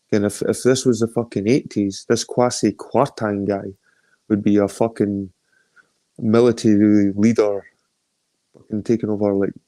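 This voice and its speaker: A man's voice: lowish voice, warm tone, no room sound. A middle-aged man with an Edinburgh Scottish accent chatting casually and profanely on a phone live stream, greeting viewers by name. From Scotland. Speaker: livestream host.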